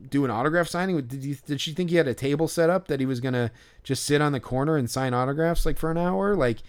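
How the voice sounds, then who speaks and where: A man's voice: fairly high pitch, fast, smooth. A man co-hosting a podcast, in casual chat, ranting and swearing a lot. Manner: profane, ranting. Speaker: podcast co-host.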